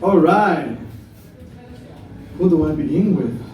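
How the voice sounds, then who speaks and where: A man's voice: on the high side, animated, slow, noisy background. A man doing a crude stand-up roast, firing playful insult jokes at friends. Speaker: roast comedian. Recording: echoey room, mic heard from far.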